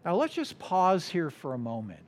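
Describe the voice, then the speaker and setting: A man with an American accent preaching a sermon as a guest preacher, deliberate, his voice sinking soft and low at the ends of phrases. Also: huge pitch swings.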